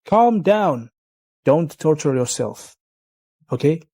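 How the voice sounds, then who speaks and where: An actor dubbing a devoted, possessive young man who speaks softly but insistently. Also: on the high side, sing-song, slow, no room sound, clean studio sound, heavily acted. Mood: tender. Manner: soft, insistent. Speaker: wealthy male lead. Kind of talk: dubbed drama acting.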